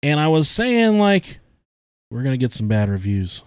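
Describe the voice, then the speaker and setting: A man's voice: mid-range voice, very animated, normal speed, a little mellow, clear, resonant tone, no room sound, studio quality. A young adult man hosting a podcast, joking crudely and swearing often, with frequent laughter. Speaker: podcast host. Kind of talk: casual podcast banter.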